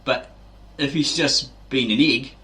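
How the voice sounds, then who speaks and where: Here a man with a mid-range, sharp-toned voice speaks a little slowly. As a fitness channel host, he meanders through a casual explanation, often ending lines with "right?" and acting out quotes.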